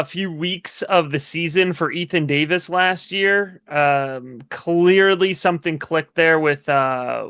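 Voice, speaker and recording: A man joining a live fantasy draft stream as a guest, casual and quick to laugh. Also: on the high side, a bit bright, clean tone. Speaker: guest co-host.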